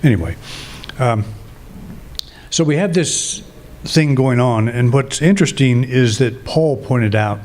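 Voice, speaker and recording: A man preaching a sermon in a calm, reflective way, thinking aloud and restarting his phrases. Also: mid-range voice, a little slow, a little hiss or hum. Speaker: minister.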